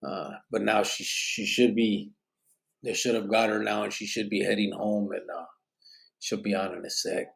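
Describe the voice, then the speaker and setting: A tired man hosts a live stream and talks loosely, dropping bits of Spanish slang as he reads the chat. His voice sits low and gravelly, with a rough fry. The talk is rambling and unhurried. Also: fairly even intonation, fairly bright tone. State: tired, yawning. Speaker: podcast host reading live chat.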